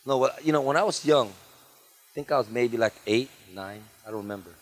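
A middle-aged male pastor, preaching a lively sermon with humor, chanted repetition and sudden shifts between loud high bursts and soft low asides. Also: fairly quick. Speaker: guest pastor. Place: church.

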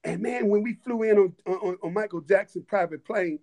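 A man telling stories in a casual chat, animated, with many restarts and laughing asides. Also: sits high, moderate pace. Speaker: guest storyteller.

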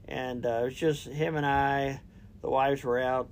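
A man's voice: mid-range voice, little pitch movement, a little slow. Middle-aged man, easygoing co-host, rambling folksy storyteller, light background hiss. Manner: folksy storyteller, trailing fillers. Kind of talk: casual chat.

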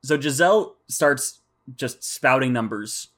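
A man's voice: mid-range voice, expressive, unhurried, fairly bright tone. A man co-hosting a casual podcast, recapping episodes with nerdy attention to detail. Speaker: podcast co-host.

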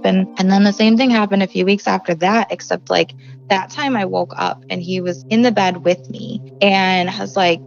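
A woman's voice: medium pitch, steady tone, moderate pace, creaky, highs cut off, soft background music. A young woman from the Chicago suburbs telling a personal story in a conversational way, full of "like" and acted-out dialogue. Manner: conversational, frequent "like" fillers, acts out quoted dialogue. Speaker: guest telling her story.

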